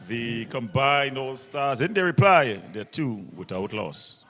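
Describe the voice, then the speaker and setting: A man giving live ball-by-ball cricket commentary, briskly describing field placings and correcting himself as he goes. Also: medium pitch, lively intonation, fairly bright tone, big-room sound, slight background noise. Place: local cricket ground broadcast.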